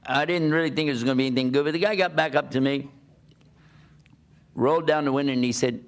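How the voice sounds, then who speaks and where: An older man preaching, telling a personal story in an animated way and often laughing as he talks. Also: medium pitch, fast, pauses often. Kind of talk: storytelling talk.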